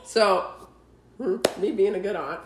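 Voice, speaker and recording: A woman's voice: medium pitch, unhurried, background noise. A woman in her thirties, co-hosting a podcast, chatting casually and telling stories with lots of laughs. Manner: animated storytelling, laughs often. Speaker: podcast co-host. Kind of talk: casual chat. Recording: echoey room.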